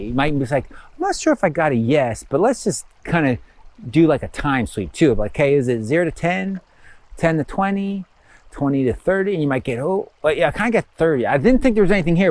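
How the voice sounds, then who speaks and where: A man's voice: medium pitch, darkish tone. A man teaching a spiritual course in a casual, rambling way, acting out inner thoughts in quotes with lots of fillers. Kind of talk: casual spoken lesson.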